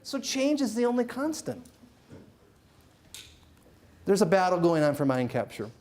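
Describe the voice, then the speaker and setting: A middle-aged man giving a live motivational keynote to a room, joking and teasing the crowd with quick questions. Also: high-pitched, very animated, darkish tone. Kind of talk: live stage talk to an audience. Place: event room with a live audience.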